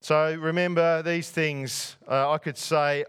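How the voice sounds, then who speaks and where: A man's voice: fairly high pitch, measured pace, hardly any pauses, a bit bright, clean tone. A man preaching a sermon to a church congregation, putting rhetorical questions to his listeners. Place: church before a masked congregation.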